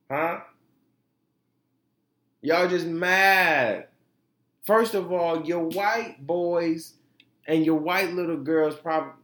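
A man hosting a podcast, giving animated, profane commentary and laughing often. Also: a little high, reverberant. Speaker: podcast host. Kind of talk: casual commentary.

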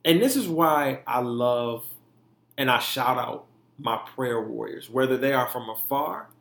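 A man's voice: mid-range voice, gravelly, fairly bright tone. Candid, profane young man in echoey room. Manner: candid and emphatic, profane, mimicking his own inner talk. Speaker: podcast host. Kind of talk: candid monologue.

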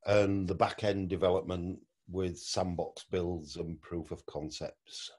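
A man's voice: low voice, level tone, unhurried, darkish tone, slightly rough. A man briefly introducing himself on a webinar in a matter-of-fact way. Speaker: webinar panelist.

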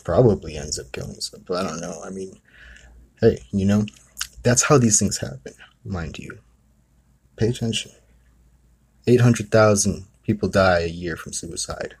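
A man with a low, husky voice tells a story straight to the listener. He rambles casually and keeps breaking off for asides. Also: moderate pace, long pauses, a little mellow. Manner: rambling, conversational, many asides. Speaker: host.

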